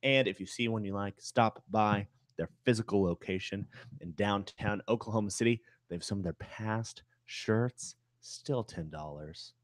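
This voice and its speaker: Low-voiced joking man on a podcast. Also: normal speed, dry recording, studio quality. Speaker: podcast co-host. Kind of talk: casual sports podcast chat.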